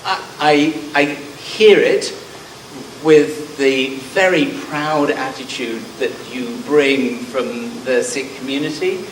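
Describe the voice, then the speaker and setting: A middle-aged man with a southern English accent speaks at a conference, wry about himself and full of hesitant ums. His voice sits at a medium pitch and is heard from some distance in a roomy hall. A faint hum runs underneath. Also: takes it slowly. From Scotland. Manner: self-deprecating, frequent ums. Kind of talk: conference presentation.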